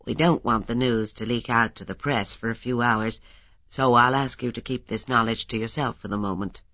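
A woman reading an audiobook and voicing a brisk, blunt male doctor. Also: extremely low pitch, steady tone, fairly bright tone, no echo, muffled recording, exaggerated voice. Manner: blunt, matter-of-fact.

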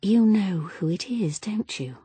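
A woman voicing a superstitious, gloomy young wife in an audiobook, speaking softly and earnestly. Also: medium pitch, expressive, unhurried, breathy edge, no room sound, pitched above the performer's own voice. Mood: tender. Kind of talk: audiobook character reading.

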